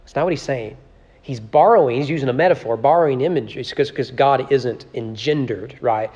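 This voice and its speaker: A man's voice: mid-range voice, normal speed, darkish tone, in a large hall, lo-fi sound. Man teaching a church Bible study. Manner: conversational, repeats words and tags lines with "right?"; reads scripture aloud with rising emphasis.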